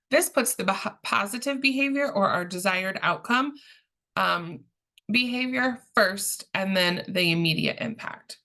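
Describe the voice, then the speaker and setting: A woman giving a training presentation in a calm, measured, explanatory way, pausing often with ums. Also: medium pitch.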